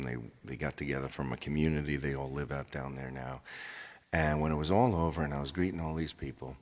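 Sounding tired, a man on tour rambles through a story for his followers, saying things more than once and frequently asking "okay". His voice rumbles low, slightly rough and a bit bright, and the audio has a big-room sound.

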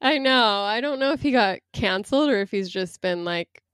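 A woman in casual conversation, chatty and quick to laugh, with lots of fillers. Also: medium pitch, expressive, a bit bright, clean tone, no echo. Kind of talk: casual chat about news.

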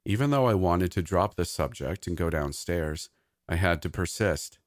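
Low-voiced man narrating a horror story. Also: animated, normal speed, no echo, studio quality.

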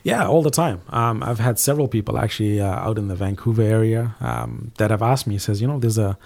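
Guy with a low gravelly voice rattling off a faith story in an interview, stumbles and repeats words a lot. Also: darkish tone. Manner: quick, repeats words often, earnest storytelling. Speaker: guest. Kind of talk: faith testimony in casual interview.

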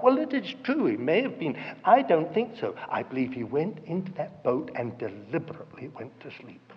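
A man's voice: fairly high pitch, big pitch swings, fairly quick. A man preaching a sermon, telling a story dramatically and acting out the quoted voices. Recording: dull reverberant hall recording.

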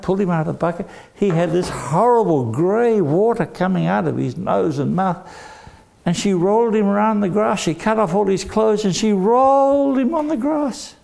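Older man, gravelly, slightly high-pitched, animated children's storyteller who acts out voices. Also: normal speed.

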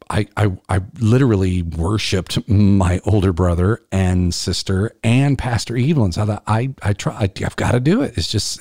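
A middle-aged man tells a personal story on his podcast in an earnest, halting way, often circling back over his words. His voice sits low and sounds warm and mellow. The recording is dry and close, with no room echo.

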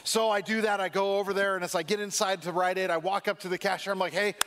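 A man preaching a sermon. He tells a comic personal story with animated delivery, acting out the dialogue, then slows and drops his voice for the serious points. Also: high-pitched. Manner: acts out quoted dialogue. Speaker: pastor.

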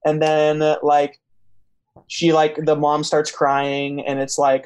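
A man's voice: fairly high pitch, monotone, takes it slowly, clean tone. A young man hosting a faith podcast in casual chat, telling a story with many fillers and restarts. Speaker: podcast host.

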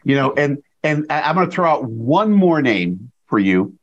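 A man's voice: mid-range voice, sing-song, normal speed, muffled recording. A man in his sixties hosting a casual interview, telling stories and often tagging them with "right?". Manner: storytelling, frequent tag questions. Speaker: podcast host and chiropractor.

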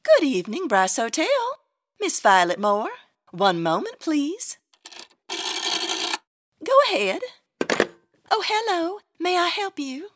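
A woman's voice: high voice, big pitch swings, slow, pauses often, a little hiss or hum, exaggerated voice. Lady playing a nosy southern belle desk clerk, syrupy drawl, leans in to whisper gossip, radio play vibe. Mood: genteel, sugary. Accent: American Southern. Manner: prim and nosy, drops to hushed gossip. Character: gossipy genteel Southern hotel clerk woman. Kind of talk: comedic radio play acting.

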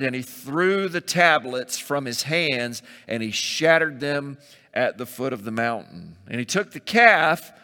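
A man's voice: a little high, bright, forceful tone, long reverb tail. A man preaching a sermon, reading scripture aloud and breaking off to comment with asides and jokes. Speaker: pastor.

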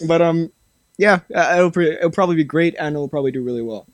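A man's voice: on the high side, quick pace, dry recording. A young man hosting a podcast, chatting casually, laughing often and restarting sentences. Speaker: podcast host. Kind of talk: casual chat.

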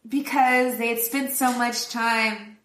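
Woman podcast host, casual film chat, bright voice, echoey room, a bit off-mic. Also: a little high, steady tone, takes it slowly, recorded from a distance. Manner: chatty, laughs often, quotes characters in voices.

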